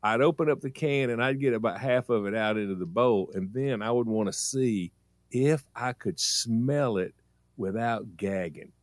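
A man who is a regular on a morning radio show, telling childhood stories in a rambling, animated way. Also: mid-range voice, normal speed, no echo, clean studio sound. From rural United States. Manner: animated, rambling anecdotes with self-corrections. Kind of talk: casual storytelling on morning radio.

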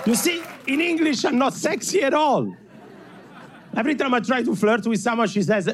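A man's voice: extremely high pitch, animated, normal speed. A man from Italy with a strong Italian accent doing a self-mocking stand-up comedy set on a club stage, chuckling between punchlines. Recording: faint crowd and room noise.

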